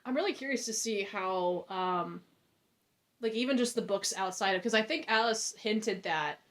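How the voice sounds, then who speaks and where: A woman's voice: mid-range voice, normal speed, a bit bright. A woman co-hosting a book club chat over a video call, rambling with hesitant restarts. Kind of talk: casual chat.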